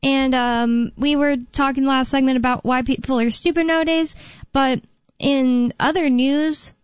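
A woman's voice: sits high, fairly even intonation, measured pace, no room sound, muffled recording. A young woman co-hosting a talk radio show, chatting casually and thinking aloud with lots of fillers.

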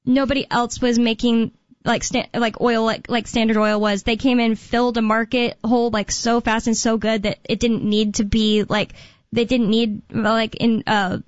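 Chatty woman, high voice, many fillers. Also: level tone, normal speed, no echo. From United States. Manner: rambling, many fillers and restarts. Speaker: podcast co-host. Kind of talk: casual chat. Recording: dull, dry lo-fi sound.

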